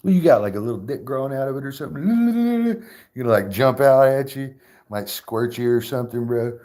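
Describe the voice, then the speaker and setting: A man hosting a casual livestream chat, profane and animated, breaking into laughter often. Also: mid-range voice, normal speed. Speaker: streamer host.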